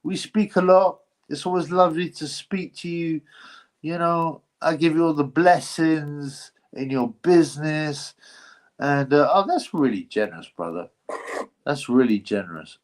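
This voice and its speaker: A man's voice: a little high, unhurried. A middle-aged man hosting a live stream, chatting loosely and reading out donations with plenty of slang, swearing and fillers. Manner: rambling, slangy, swears freely, lots of fillers.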